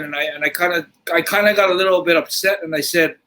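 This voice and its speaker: High-voiced man telling a rough story. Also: fast talker, few pauses, a little hiss or hum, low-quality recording. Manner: animated, swears freely, repeats and restarts. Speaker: podcast host. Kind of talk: casual storytelling.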